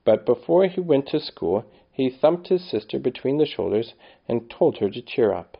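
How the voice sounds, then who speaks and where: A man's voice: mid-range voice, big pitch swings, moderate pace, creaky, husky. Man reading a storybook aloud. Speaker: narrator. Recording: slightly dull lo-fi recording.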